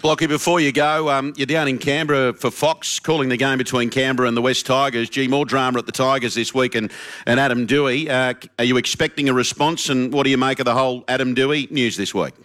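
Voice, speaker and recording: An Australian man hosting a radio show at a quick clip. His pitch sits in the middle for a man. He keeps the chat upbeat and ribs his guests as he steers them. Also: steady tone, fairly bright tone. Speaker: radio host.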